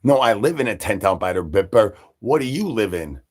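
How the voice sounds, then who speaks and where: A man rambling through absurd nonsense banter on a comic live stream, breaking into sudden high shouted asides. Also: lively intonation, fairly quick, breathy edge. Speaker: livestreamer.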